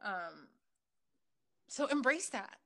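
A woman telling personal stories in a loose, casual chat, swearing freely and filling pauses with ums and likes. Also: mid-range voice, sing-song, creaky, fairly bright tone. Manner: filler-heavy, with frequent ums and likes.

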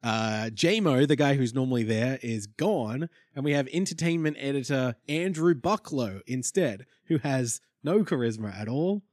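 A young man co-hosts a casual recap chat, wry and thinking aloud as he goes. His pitch moves a lot as he talks. The recording is dry and close. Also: animated, normal speed, hardly any pauses, darkish tone, no room sound. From Australia. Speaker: podcast co-host.

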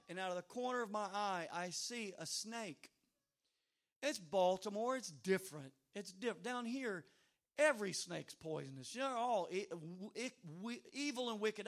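High-voiced man preaching a lively sermon. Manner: animated storytelling with sudden loud outbursts; humorous asides. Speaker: pastor.

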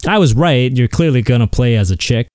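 A man's voice: mid-range voice, expressive, a little fast, darkish tone, no echo, clean studio sound. A man hosting a solo comedy show, ranting in a sarcastic, profane, mock-outraged way. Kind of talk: comedic rant.

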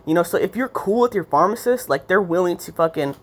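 A woman's voice: lowish voice, lively intonation, quick pace, hardly any pauses. A young woman ranting casually about a pharmacy visit, swearing constantly and rambling, with sarcastic asides and mocking impressions.

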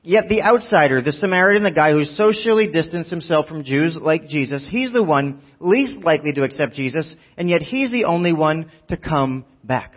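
A man preaching a sermon in an animated way, acting out voices and dropping quiet for emphasis. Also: on the high side, slightly rough, lo-fi sound. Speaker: pastor.

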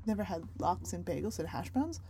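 A woman's voice: on the low side, very animated, a little fast, warm tone, slight background noise. A woman from the American South co-hosting a comedy podcast, joking and teasing in casual chat. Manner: joking, teasing, puts on voices. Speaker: podcast co-host.

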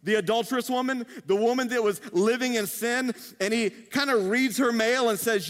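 A man's voice: extremely high pitch, moderate pace, few pauses, a bit bright. A male pastor preaching a sermon in a humorous, conversational way, with playful asides. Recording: long reverb of a large hall.

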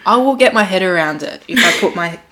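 A woman's voice: fairly low pitch, expressive, quick pace, a loud crowd. Young woman, co-host, agreeable, giggly chat. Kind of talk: casual chat.

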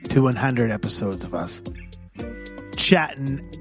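A man's voice: mid-range voice, expressive, unhurried, creaky, over music. A man co-hosting a casual podcast, laughing often through easygoing banter. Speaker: podcast co-host.

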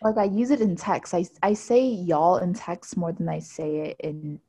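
A young woman co-hosts a podcast with a lively, teasing manner. Her voice is a bit breathy. The sound is close and dry, with no room echo. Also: lowish voice. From southern United States, living in Miami. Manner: animated, quick to tease and laugh. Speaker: podcast co-host. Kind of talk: casual chat.

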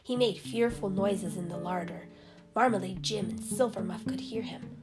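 A woman reading a children's story aloud, narrating in a lively, expressive way. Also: mid-range voice, moderate pace. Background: music.

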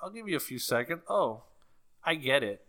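A man's voice: fairly high pitch, sing-song, normal speed, a bit bright. A man, ranting casually on a podcast, swearing and saying "dude" a lot. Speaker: podcast co-host. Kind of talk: casual chat.

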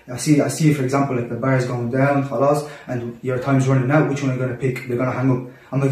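A young man telling a personal story in casual talk among friends, animated and full of restarts. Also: mid-range voice, quick pace, few pauses. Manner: animated, acts out quotes, many restarts. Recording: roomy echo, distant mic.

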